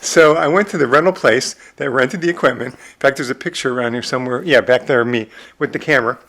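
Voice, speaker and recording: Man, 60s, from the Midwest, rapid animated storyteller, middle pitch, interview guest. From American Midwest. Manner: animated storyteller who acts out his own quotes. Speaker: film director and producer, interview guest.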